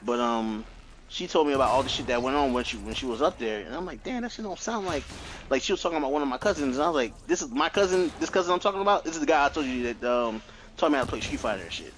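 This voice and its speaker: A man in his thirties on a podcast, telling family stories in an animated, profane way with lots of laughs. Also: medium pitch, racing, slight background noise, poor audio. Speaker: podcast co-host. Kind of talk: casual chat.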